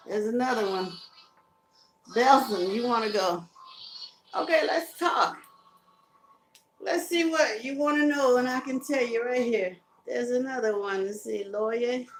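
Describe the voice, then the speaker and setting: High-voiced Southern woman live-streaming. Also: reverberant, a little hiss or hum, rough recording. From Carolinas, US South. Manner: chatty, laughs often, reads viewer comments aloud. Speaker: live-stream host promoting a music tour. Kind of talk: casual live-stream chat.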